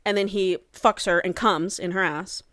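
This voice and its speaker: A woman on a podcast walks through a story, jumping into the characters' voices for quoted lines. Her voice sits at a middle pitch and sounds close and dry, with no room around it. She talks in a loose, chatty way. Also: moderate pace, no room sound. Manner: animated, acts out characters' lines while recapping. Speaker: podcast co-host recapping a book. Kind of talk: casual chat, retelling a story with quoted lines.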